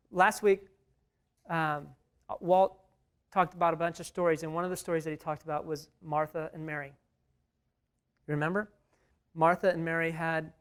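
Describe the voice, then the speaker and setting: A man with a smooth voice on the high side leads an interactive Bible study. He speaks emphatically, repeats key words, and puts questions to the group.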